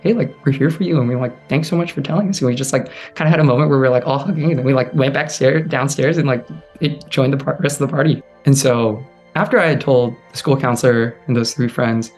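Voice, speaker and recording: A young man earnestly telling a personal story, quick and full of "like". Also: mid-range voice, a little mellow, soft background music. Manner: fast, earnest, heavy on "like".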